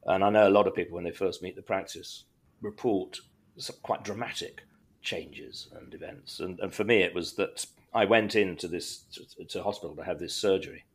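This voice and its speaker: A man's voice: sits low, fairly even intonation, normal speed, slightly rough. A middle-aged man, a podcast guest, tells a personal story in a rambling way, restarting his sentences often and adding wry humour. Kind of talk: casual conversational storytelling.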